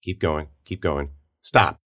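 A man's voice: rumbling low, slow, a bit bright, full character voice. Man playing a terse, commanding investigator. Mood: calm. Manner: terse, matter-of-fact. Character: blunt male investigator, calm and commanding.

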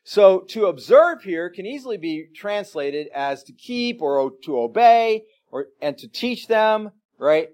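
High-voiced man preaching conversationally. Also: very animated, measured pace, few pauses, darkish tone. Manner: conversational preaching with frequent tag questions and homely examples. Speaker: pastor. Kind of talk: sermon.

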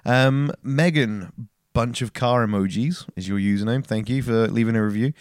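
A man hosting a podcast in casual chat, teasing his co-host and wrapping up briskly. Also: mid-range voice, dry recording, studio quality. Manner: teasing, wraps things up briskly.

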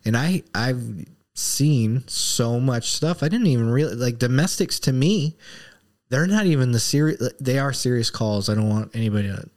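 A man's voice: mid-range voice, normal speed, darkish tone. A man in his thirties hosting a podcast, talking candidly and a bit rambling in a casual conversation. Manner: candid, rambling, emotional at times. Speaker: podcast host.

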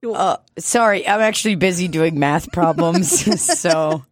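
A woman's voice: lowish voice, unhurried, no room sound, studio quality. A woman in casual chat, telling stories with acted-out quotes and laughing often.

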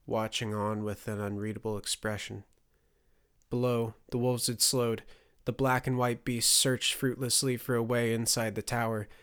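A man reading a fantasy audiobook as its narrator, in steady, measured scripted storytelling. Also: mid-range voice, smooth.

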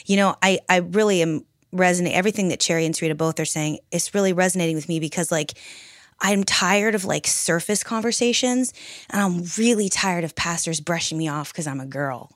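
Young woman on a podcast, kinda low voice, candid and rambly, dry close mic. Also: no echo. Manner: reflective, candid, rambling with restarts. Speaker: podcast co-host. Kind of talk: casual group podcast chat.

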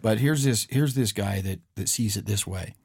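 A man's voice: lowish voice, moderate pace, gravelly, darkish tone, slightly rough, no echo, studio quality. A man hosting a podcast, telling a parable in a casual, folksy way and acting out both people's lines. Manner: folksy, repeats "he goes", acts out both sides of a parable. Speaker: podcast host. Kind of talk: casual storytelling.

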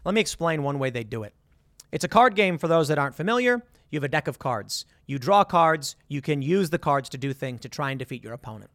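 Man, emphatic commentator, high lively voice, dry close sound, stammers and quotes people mid-rant. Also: fast talker, dry recording. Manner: emphatic, repeats words and acts out quotes. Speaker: political commentator. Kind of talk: animated monologue.

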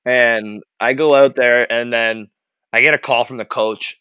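A young man telling an animated, profane story about his hockey days in casual chat. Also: medium pitch, measured pace, clean tone, no echo, highs cut off. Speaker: podcast host, former hockey goalie.

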